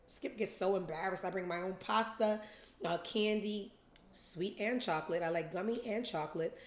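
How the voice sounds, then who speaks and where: A woman's voice: mid-range voice, moderate pace. A young adult woman spins a profane, casual story as host of her own show. She slips into voices for the people she quotes. Her mid-range voice rings with a roomy echo. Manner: animated, profane, acts out quotes in different voices. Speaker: podcast host.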